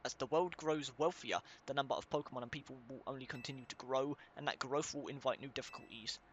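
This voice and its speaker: This let's play gamer, a young man, speaks quickly at a medium pitch, with a slight hiss or hum in the recording. He reads game text out loud between casual remarks, occasionally cursing and fumbling tricky names.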